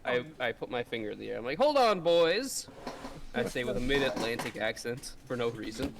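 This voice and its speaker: A man's voice: mid-range voice, flat delivery, quick pace, gravelly, noisy background. A man playing a tabletop game, playful and joking in his actions. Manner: playful, joking in-character asides. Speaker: player.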